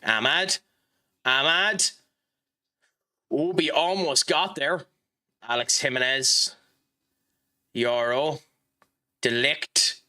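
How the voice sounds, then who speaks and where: Man, gaming streamer, casual rambling chat, loud match reactions, very bright tense tone. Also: mid-range voice, extremely slow, long pauses.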